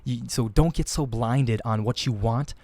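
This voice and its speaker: A man's voice: medium pitch, unhurried, darkish tone, no room sound. A man hosting a podcast in casual chat, earnest and rambling, often repeating and restarting his words. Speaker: podcast host.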